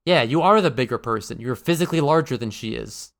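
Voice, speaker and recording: A gravelly, expressive mid-range voice moves at a quick pace. It belongs to a man co-hosting a podcast who chats casually with wry humor, rambling and restarting often amid many fillers.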